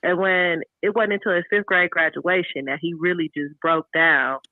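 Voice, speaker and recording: A woman's voice: fairly low pitch, fairly even intonation, moderate pace, no echo. A woman calls into a radio show and talks bluntly and candidly as she tells stories about her children. Her voice comes through a tinny phone line and sounds dry. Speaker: caller. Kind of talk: casual call-in chat.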